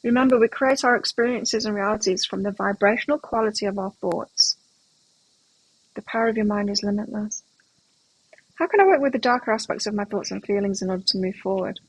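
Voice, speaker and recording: A middle-aged woman with a husky, breathy voice hosts a live tarot stream. She talks loosely and chattily, drifting into anecdotes, and her voice sits at an ordinary pitch. The sound is close and dry, with no room around it. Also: fairly quick, dry recording, poor audio. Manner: chatty and rambling, telling anecdotes. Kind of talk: casual live-stream chat between tarot readings.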